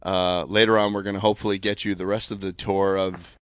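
A man's voice: low-pitched, level tone, brisk, heavy background noise. A man hosting a casual podcast, joking and rambling with fillers, his throat a little sore. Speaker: podcast host. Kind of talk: casual chat.

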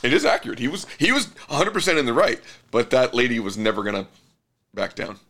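A man hosting a casual podcast, telling stories in a relaxed, rambling way. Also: mid-range voice, fast. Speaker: podcast host.

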